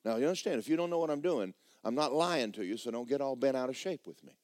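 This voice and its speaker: A man preaching a sermon, telling stories in an animated, repetitive way. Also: mid-range voice, fast, dry recording, studio quality.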